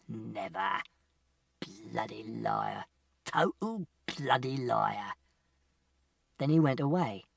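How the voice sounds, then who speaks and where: A man narrates an audiobook in the first person, laying out events plainly and literally, one step after another. His pitch rises and falls in a lively way. The recording is dry and picks him up from a slight distance. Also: no room sound. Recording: distant mic, dry sound.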